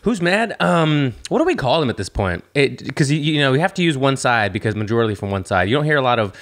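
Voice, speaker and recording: A man's voice: medium pitch, big pitch swings, quick pace, fairly bright tone. A man co-hosting a casual podcast chat, chatty and opinionated. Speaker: podcast co-host.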